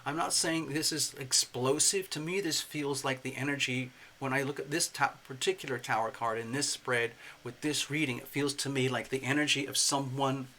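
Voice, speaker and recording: A man giving a casual spoken tarot reading in an expressive, playful way, slipping into acted asides. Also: mid-range voice, normal speed, few pauses, slight background noise. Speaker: tarot reader.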